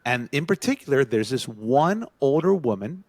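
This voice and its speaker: Speaking at normal speed with no echo, a man on a podcast he co-hosts recounts a story to his friends in casual conversation. He performs the quotes in an animated way, pitching his voice upward.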